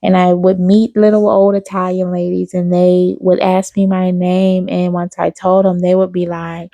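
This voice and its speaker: A woman's voice: fairly low pitch, completely flat delivery, moderate pace, gravelly, hardly any pauses, dark tone, no room sound. A woman giving an intuitive spiritual reading to her viewers, affectionate and repetitive, calling the listener baby. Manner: affectionate, addresses listener as baby, repeats phrases. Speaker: spiritual reader on her own channel.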